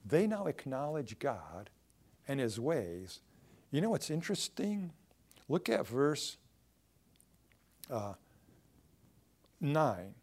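Lively-voiced male pastor preaching. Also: medium pitch, takes it slowly, long pauses. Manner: conversational preaching with rhetorical questions to the congregation. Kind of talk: sermon.

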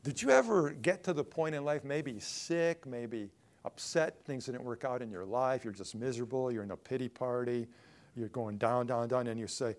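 A man preaching a sermon to a congregation, acting out quoted pleas in a raised voice and dropping to a hush for quieter passages. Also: mid-range voice, animated, normal speed. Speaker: pastor.

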